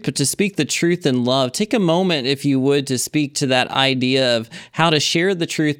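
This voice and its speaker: A man co-hosting an interview, asking his questions in a measured, articulate way. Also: medium pitch, fairly bright tone, clear, resonant tone, dry recording, studio quality. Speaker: co-host. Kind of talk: interview host.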